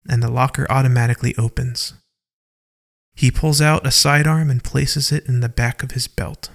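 Man, storyteller, slow pace, gravelly, audio drama narration. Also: mid-range voice. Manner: slow, deliberate.

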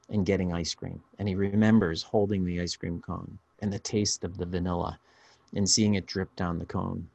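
Male podcast host, lowish voice, dry close sound, chatty storyteller. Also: gravelly, dry recording. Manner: storytelling, animated, restarts often. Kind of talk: casual podcast chat.

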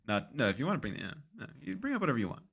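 A man's voice: mid-range voice, huge pitch swings, racing, a bit bright, slightly rough. A man co-hosting a podcast, chatting casually and playfully, from Utah. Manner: playful, jokey banter. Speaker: podcast co-host. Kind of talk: casual chat.

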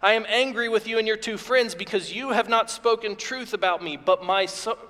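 A man's voice: sits high, moderate pace, bright, forceful tone. A man preaching a sermon as pastor, earnest and repetitive in his phrasing. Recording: long reverb of a hall.

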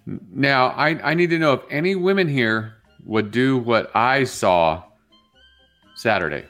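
A man co-hosts a morning show and spins a long anecdote in loose, casual chat. His voice sits at an ordinary middle pitch. He lifts into higher voices when he quotes others. Faint music plays under him. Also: measured pace. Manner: animated storyteller, jumps into high voices when quoting a woman. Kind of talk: casual radio chat, storytelling.

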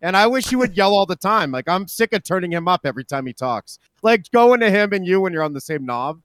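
A man's voice: high voice, expressive, brisk, fairly bright tone, a little hiss or hum. A man co-hosting a casual streamed chat, sarcastic and roasting, swearing freely. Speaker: podcast co-host.

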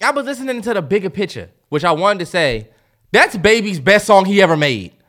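A man's voice: high-pitched, very animated, brisk, pushed and bright. A young man with a DMV accent, co-hosting a podcast, arguing his points emphatically in casual chat. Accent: DMV African American English. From DC-Maryland-Virginia area. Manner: argumentative, emphatic, joking. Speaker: podcast co-host.

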